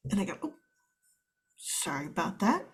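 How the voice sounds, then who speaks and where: A woman player describing her character's actions in a relaxed, halting way. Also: mid-range voice, rough recording.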